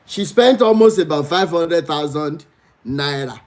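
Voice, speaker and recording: Nigerian male host, spoken storytelling with emphatic pleading and lively pitch jumps. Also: measured pace. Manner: pleading, animated storytelling with dramatic pitch swings. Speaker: livestream host. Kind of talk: storytelling to live viewers.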